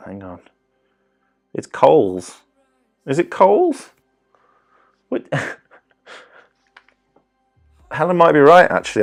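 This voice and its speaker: A man in his thirties hosting a casual live-streamed quiz, rambling, joking and interrupting himself. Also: medium pitch. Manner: rambling, self-interrupting, jokey. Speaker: quiz host.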